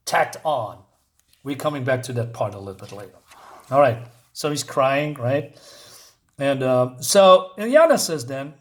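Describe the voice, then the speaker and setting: A fairly high-voiced man rants through a comic book review, sounding exasperated and sarcastic. He rambles, stumbles over restarts and piles on fillers. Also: a bit bright. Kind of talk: ranting review.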